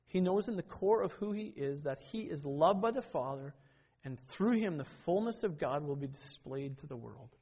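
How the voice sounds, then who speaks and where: A man's voice: a little high, lively intonation, moderate pace, gravelly, a little mellow, breathy edge. A middle-aged man preaching a sermon in an earnest, conversational way, with personal stories and frequent self-corrections. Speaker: pastor. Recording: dull lo-fi sermon recording.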